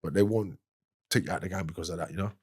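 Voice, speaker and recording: A man's voice: low voice, fast, husky. A man with a London accent telling a wild story from his past as a podcast guest, in loose street slang and laughing as he goes. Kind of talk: casual storytelling.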